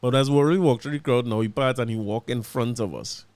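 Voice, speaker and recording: A man with a Trinidadian accent hosting his podcast, telling a story in casual chat, animated and laughing as he acts out what people said. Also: medium pitch, a little fast, dry recording. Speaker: podcast host.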